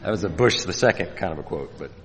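A man preaching a sermon, animated and joking, with mocking asides in put-on voices. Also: low-pitched, fast. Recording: reverberant hall.

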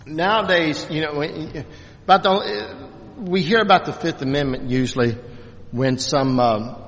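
A man's voice: fairly high pitch, fairly bright tone, muffled recording. A man teaching a Bible class in a loose, unscripted way, talking in stops and starts with many restarts and fillers. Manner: halting, many restarts and fillers, self-deprecating. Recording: distant mic, long hall reverb.

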